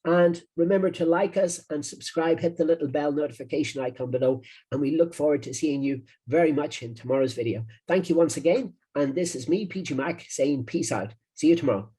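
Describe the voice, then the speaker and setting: A middle-aged Irish man gives an online marketing lesson, chatting and rambling with a salesman's ring. His voice is warm and dark with a husky edge. He talks in a loose, friendly way, as if to a subscriber. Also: brisk, few pauses. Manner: chatty, rambling, with frequent "uh" fillers and sales-pitch phrasing. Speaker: digital marketing coach.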